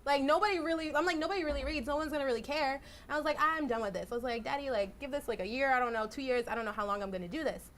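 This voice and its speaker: A young woman, a journalist, telling stories in a casual, animated way and acting out quotes. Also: sits high, rapid-fire, hardly any pauses. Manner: animated, acts out quotes with "I was like". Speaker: journalist guest speaker. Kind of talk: casual storytelling talk. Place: lecture hall.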